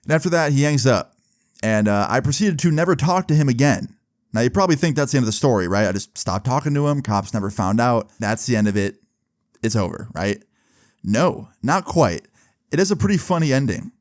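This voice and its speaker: Young male creator, casual storytime vlog, animated and profane, mid pitch, dry sound. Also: brisk, no room sound. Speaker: video creator.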